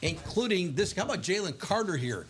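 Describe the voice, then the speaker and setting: A man's voice: high voice, sing-song, a little fast, background noise. Upbeat middle-aged man hosting a live break. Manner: chatty and upbeat, laughing often. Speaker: live card break host. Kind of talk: casual live-stream commentary.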